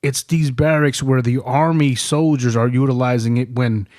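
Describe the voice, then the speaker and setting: A military veteran telling stories in a casual podcast chat, swearing freely and laughing between lines. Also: male voice, mid-range voice, steady tone, normal speed, a little mellow, no echo, studio quality. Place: studio.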